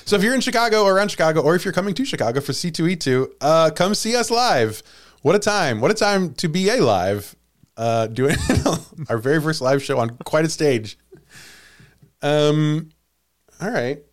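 A man's voice: a little high, lively intonation, normal speed. A man hosting a comedy podcast, telling a story in playful casual chat and laughing often. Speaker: podcast host.

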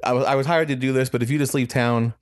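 A man's voice: mid-range voice, fast. A man in casual chat, telling a story with acted-out quotes and frequent laughter. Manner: animated storyteller, acts out quotes, laughs often. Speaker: podcast co-host.

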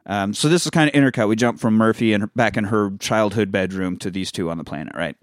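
Male podcast co-host, lower voice, dry close sound, loose profane film recap. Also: fast, no room sound. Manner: profanity-laced storytelling with quoted character voices.

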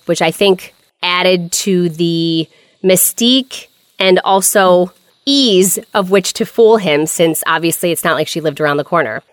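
A woman's voice: on the low side, dry recording. A woman co-hosting a podcast, telling a story in a chatty, wry way. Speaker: podcast co-host. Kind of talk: casual storytelling chat.

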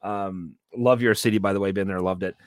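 A man's voice: deep voice, steady tone, brisk, smooth, no echo, studio quality. A Canadian man co-hosting a podcast, telling stories in a casual chat, laughing often and swearing freely. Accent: Canadian English. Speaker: podcast co-host.

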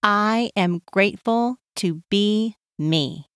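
A woman hosting a children's podcast, leading a slow, soothing breathing and movement exercise with sing-song chanting. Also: medium pitch, clean tone, dry recording, clean studio sound. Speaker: podcast host guiding parent and child. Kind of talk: guided calm-down exercise for kids.

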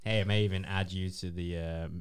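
Man, podcast host, casual chat, playful, slightly low voice. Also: steady tone, clear, resonant tone. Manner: chatty, playful, quick asides.

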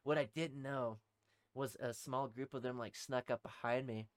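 A man's voice: mid-range voice, steady tone, moderate pace, clear, resonant tone, no echo, studio quality. A young man, a podcast co-host and former Army private, telling a story in a casual, profane, rambling way and laughing through it.

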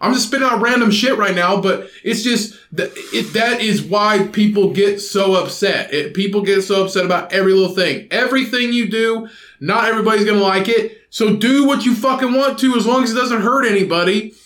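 A man co-hosting a casual podcast, his voice sitting high for a man, as he rambles and hammers his points home with a lot of swearing. The room around him is echoey and bare. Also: fairly quick, a bit bright. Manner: rambling, profane, emphatic. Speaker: podcast co-host. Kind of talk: casual chat.

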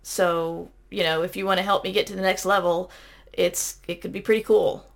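A woman's voice: lowish voice, steady tone, moderate pace, vocal fry. A woman with a Southern American accent, co-hosting a casual podcast and telling chatty stories, often correcting herself mid-sentence. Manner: chatty, self-correcting anecdotes. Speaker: podcast co-host. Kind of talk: casual chat.

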